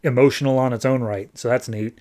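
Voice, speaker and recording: A man retelling a comic puts on a sly male villain who taunts his prey. The voice is smug and mocking, at an ordinary middle pitch. It stays close to a relaxed everyday speaking voice. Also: a little fast, lightly acted. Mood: smug taunting.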